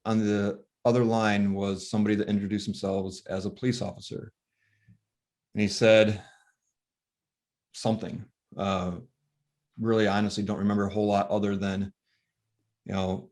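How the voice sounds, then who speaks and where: A man, a grieving father, telling his story earnestly and reflectively with soft pauses, from Michigan. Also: on the low side. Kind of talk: personal testimony talk.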